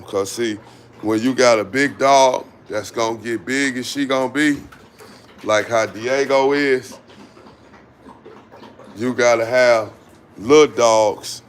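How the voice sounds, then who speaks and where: A man's voice: lowish voice, a little hiss or hum. A man, casually explaining dog training in an outdoor yard while calling commands to his dogs. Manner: slow, relaxed, calls commands to dogs. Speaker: dog owner vlogger.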